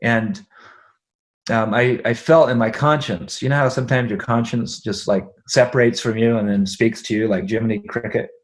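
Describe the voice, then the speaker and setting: Animated man telling a family story. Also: medium pitch, normal speed. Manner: animated, acts out quoted dialogue, laughs often. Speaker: podcast guest. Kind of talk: conversational storytelling.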